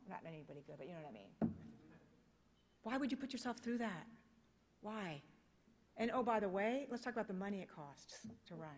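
An American woman giving a conference keynote, speaking passionately and emphatically with many rhetorical questions. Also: lowish voice. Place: conference hall. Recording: long reverb of a conference hall.

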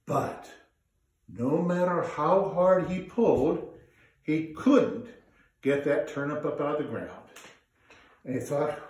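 A man telling a folk tale in an animated, drawn-out way, coaxing listeners to join in, heard in an echoey room from a distance. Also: fairly high pitch. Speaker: storyteller. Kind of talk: live folk storytelling with audience participation.

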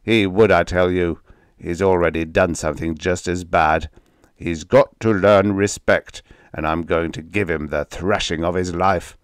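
A man's voice: low-pitched, steady tone, a little slow, clean tone, dry recording, studio quality. A man voicing a sneering cruel stepfather. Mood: angry. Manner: menacing, sneering, mock-humble.

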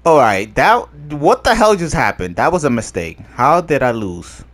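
A young man giving casual gameplay commentary, excitable, laughing often and yelping in disbelief. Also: medium pitch, normal speed. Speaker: gameplay video host.

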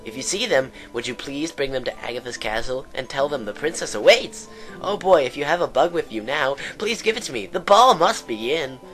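A man's voice: mid-range voice, lively intonation, a little fast, fairly bright tone, faint music behind, pitched above the performer's own voice, lightly acted. A man voicing a creepy, bug-obsessed young princess girl in his game commentary, gushing in a breathless, sing-song squeal. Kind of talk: let's play commentary with a put-on voice.

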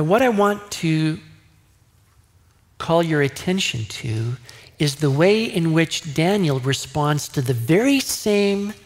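A male pastor preaching a sermon in a conversational way, now and then acting out the voices of people in the story. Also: on the high side. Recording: long hall reverb.

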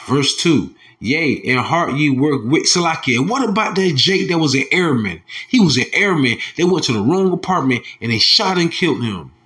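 A man's voice: sing-song, normal speed, fairly bright tone. Heated, profane male preacher. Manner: heated, profane, mocking, drops to low tones reading verses. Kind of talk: scripture commentary with angry asides.

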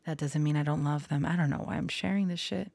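Speaking quickly in a low, gravelly voice with fairly even intonation, a tarot vlogger from Florida shares candid personal talk to camera. She's soft, hesitant, and confiding, often slipping into a whisper. The recording is dry.

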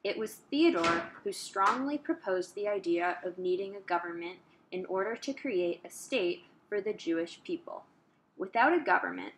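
A woman's voice: on the low side, low-quality recording. Woman reading history narration carefully, faint hiss behind her. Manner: careful, read-aloud delivery. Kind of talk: school-project narration.

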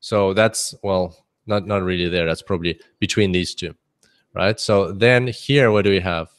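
A man's voice: deep voice, normal speed. A man teaching a trading webinar off the cuff, chatty, thinking aloud and laughing often. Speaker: forex trading instructor.

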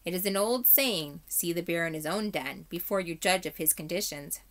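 A woman reading aloud and voicing an old male raven who croaks out sayings. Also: lowish voice, moderate pace, fairly bright tone. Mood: sage.

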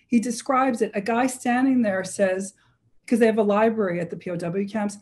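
A woman's voice: a little high, fairly even intonation, moderate pace, mellow. A woman author being interviewed, recounting anecdotes with energy and frequent self-corrections. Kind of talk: lively anecdotal storytelling.

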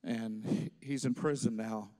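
A man, a pastor, telling a story in a sermon, acting out the voices and swinging from loud to hushed. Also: on the low side, steady tone, unhurried. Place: church stage.

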